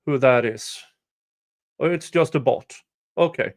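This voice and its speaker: A man hosting a livestream, casually commenting in an unhurried, halting way. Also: mid-range voice. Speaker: livestream host commenting on a trial.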